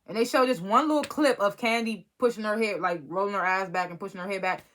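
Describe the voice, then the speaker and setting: A woman talks through a reality show episode in a loose, off-the-cuff way. She circles back and restarts her sentences, and she sounds exasperated and amused by turns. Her voice sits at an ordinary middle pitch. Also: fast talker, a bit bright. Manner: rambling and exasperated, frequent restarts and laughs. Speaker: reality TV recap vlogger. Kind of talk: casual episode review.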